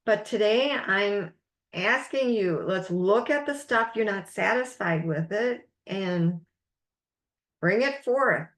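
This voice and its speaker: A woman life coach leads a recorded masterclass at an unhurried pace. Her pitch sits mid-range for a woman. She encourages her listeners and leans on the words she wants to stress. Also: expressive. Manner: slow, encouraging, emphatic teaching with quotes.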